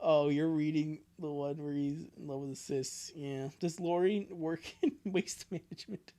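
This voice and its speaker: A woman's voice: sits low, steady tone, normal speed, mellow. A young woman streamer chatting casually and giggling between lines of a live fan dub reading. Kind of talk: casual livestream chat.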